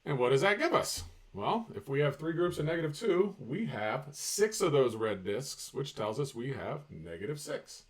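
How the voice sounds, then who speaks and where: A man's voice: medium pitch, normal speed, distant mic. A man presenting an upbeat video math lesson, joking and talking straight to his viewers. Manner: energetic, jokey, talks to viewers directly. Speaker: math teacher.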